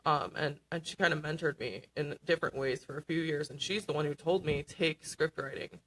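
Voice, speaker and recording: A woman guest on a radio interview, talking earnestly with many pauses and fillers. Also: sits low, fairly bright tone, a little hiss or hum, low-quality recording. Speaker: award-winning student scriptwriter guest. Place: radio studio.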